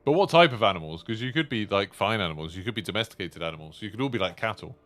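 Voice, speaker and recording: A man's voice: fairly low pitch, expressive, racing, a bit bright. A man in his thirties chatting casually to viewers while streaming, rambling with lots of fillers. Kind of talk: casual live-stream chat.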